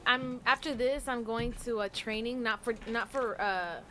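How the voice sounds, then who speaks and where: A woman's voice: on the high side, moderate pace, fairly bright tone, a little hiss or hum. A woman guest in a casual chat, hesitant, talking with many fillers and restarts.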